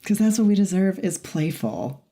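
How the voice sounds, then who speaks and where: A woman co-hosting a podcast, chatting casually in a matter-of-fact way, often chiming in with quick agreement. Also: medium pitch, sing-song, warm tone. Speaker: podcast co-host. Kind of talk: casual chat.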